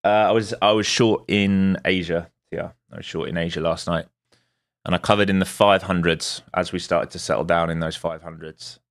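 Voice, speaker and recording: A man with a very low voice and a gravelly, creaky edge. He hosts a live trading stream and talks through his charts as he thinks. His delivery is casual and rambling, and he stops often to greet viewers by name or correct himself. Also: steady tone, moderate pace. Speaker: day trader and stream host.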